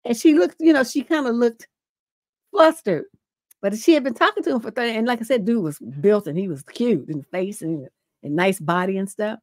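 A woman's voice: fairly high pitch, lively intonation, fairly quick, dry recording, studio quality. A middle-aged woman hosting a livestream relationship advice show, blunt and profane, telling stories from her own life.

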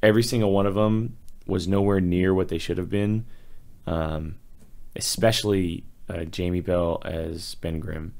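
A man's voice: low voice, steady tone, a little slow, creaky, darkish tone. A man reviewing a movie in casual podcast chat, critical and exasperated, acting out lines he disagrees with. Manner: critical, exasperated, acts out quotes.

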